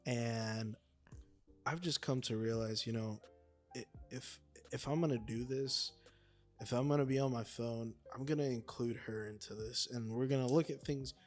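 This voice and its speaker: A man co-hosting a relaxed podcast talk. He speaks at a middle pitch in a reflective, agreeable way, often leaning on "you know". Soft music sits faintly in the background. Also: normal speed. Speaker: podcast co-host. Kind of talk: casual chat.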